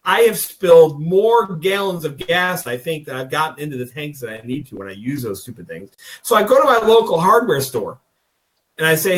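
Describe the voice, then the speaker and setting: A man's voice: a little high, lively intonation, normal speed, fairly bright tone. A man co-hosting a political podcast, talking in a folksy, rambling, emphatic way and acting out little dialogues. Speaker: podcast co-host. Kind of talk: casual political talk. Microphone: video call.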